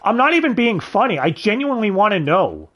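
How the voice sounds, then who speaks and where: A man gives casual commentary on a dub, sarcastic and quick to swear. His voice sits a little high and swings widely in pitch. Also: big pitch swings, sharp tone. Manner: sarcastic, swears often, sighs and asks the audience. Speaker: reviewer.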